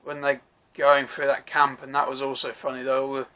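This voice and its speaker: A man's voice: mid-range voice, completely flat delivery, fairly quick, pushed and bright. A man giving a casual, rambling film review, swearing freely and restarting his sentences.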